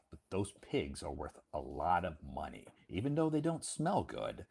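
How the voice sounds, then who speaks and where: A low, slightly rough male voice belongs to a man from Iowa in the United States. He talks casually to English learners in a spoken lesson, repeating phrases and checking they follow with "okay?".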